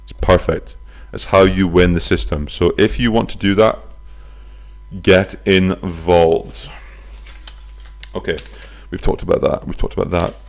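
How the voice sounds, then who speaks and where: A man hosting his own podcast, chatting casually from his flat, telling stories with silly voices and some swearing. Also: low-pitched, measured pace, gravelly. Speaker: podcast host. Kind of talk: casual solo podcast chat. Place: flat near a bus stop.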